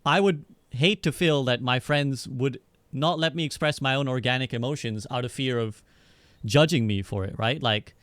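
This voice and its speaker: A man on a podcast calmly arguing his point, reasoning aloud and often checking in with "right?". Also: mid-range voice, normal speed, no room sound. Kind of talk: casual debate.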